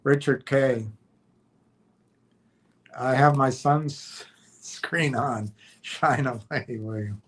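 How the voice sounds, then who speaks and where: A man hosting a livestream in a casual chat, reading out viewer comments with many fillers and trailing pauses. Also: medium pitch. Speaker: livestream host.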